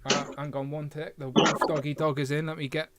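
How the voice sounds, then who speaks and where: A man's voice: fairly high pitch, level tone, fairly quick, heavy background noise. A man hosting a casual livestream, chatting and reading viewer comments aloud with filler hums. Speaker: livestream host.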